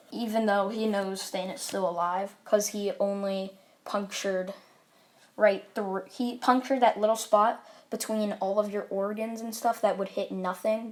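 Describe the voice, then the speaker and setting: Rambling casual woman storyteller. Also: mid-range voice. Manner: rambling, full of "like" and "um" fillers. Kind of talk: casual fan-fiction retelling.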